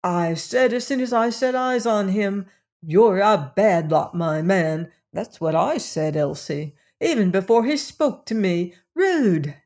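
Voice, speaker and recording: A woman's voice: mid-range voice, lively intonation, slow, a little mellow. A woman voicing a chatty, gossipy young woman with a breezy manner.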